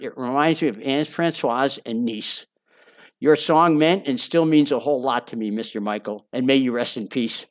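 A man narrating his own memoir in a conversational way, with wry asides and phrases repeated for emphasis. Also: mid-range voice.

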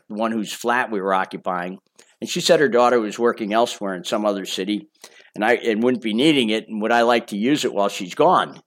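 An older man reading his own memoir as an audiobook, in a casual, chatty and boastful storytelling manner. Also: lowish voice. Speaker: memoir author.

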